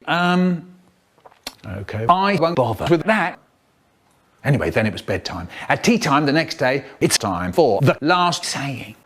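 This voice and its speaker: A man in his seventies performing comic stories and rhymes in a theatrical, lively way. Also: medium pitch, a little slow, husky. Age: 70s. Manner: theatrical, lively, swoops between silly voices. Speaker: children's poet performer. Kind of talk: animated storytelling, chopped into a remix.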